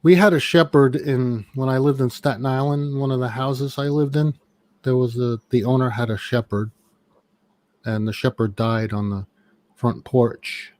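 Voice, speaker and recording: A man's voice: medium pitch, fairly even intonation, moderate pace, a little mellow, dry recording. A middle-aged man casually telling a long, rambling story with plenty of swearing. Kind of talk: casual chat.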